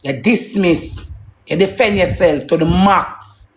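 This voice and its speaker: A woman's voice: fairly low pitch, takes it slowly. A woman with a Jamaican accent in a heated, profane, preachy rant to her viewers.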